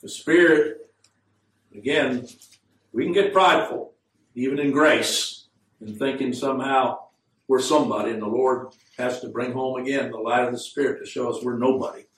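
A man preaching a sermon, earnest and growing fervent, slowing down to quote scripture in the words of old Bible translations. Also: mid-range voice, a bit bright. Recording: echoey room, mic at a distance.

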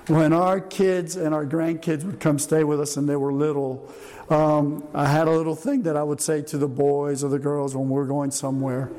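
A man's voice: on the high side, mellow. An older man preaching a sermon in a conversational way, often asking the congregation questions. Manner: conversational, asks the room questions. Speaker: pastor. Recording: long reverb in a hall, faint noise.

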